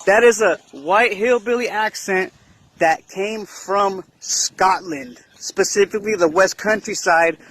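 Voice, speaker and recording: A man's voice: sits high, fairly bright tone, poor audio. A man hosting his channel, talking casually in a monologue, tagging lines with "right?" and mixing in slang and cursing. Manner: repeats "right?" as a tag, mixes slang and cursing. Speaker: channel host.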